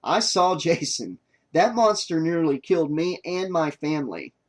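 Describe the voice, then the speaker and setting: A man's voice: fairly high pitch, sing-song, unhurried. A man reading an audiobook, voicing a bitter survivor who speaks bluntly and with hostility. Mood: bitter hostile. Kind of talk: audiobook character voice.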